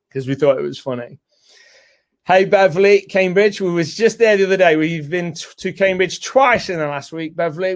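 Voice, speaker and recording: Chatty British man hosting a webinar. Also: fairly high pitch. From United Kingdom. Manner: chatty, rambling, greets viewers by name. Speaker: co-host and co-founder.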